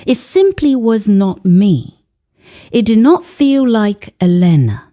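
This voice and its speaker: A woman narrates a first-person moral tale with gentle, heartfelt expression. Her voice is warm and mellow, and she moves through a wide melodic range. She takes her time. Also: medium pitch, big pitch swings, takes it slowly. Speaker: storyteller.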